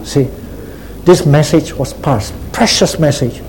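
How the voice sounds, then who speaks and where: Mellow-voiced male preacher, fairly high. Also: moderate pace, slight background noise, rough recording. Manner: checks in with frequent "See?" and "Huh?"; teacherly, repeats key phrases for emphasis. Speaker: pastor. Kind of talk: sermon.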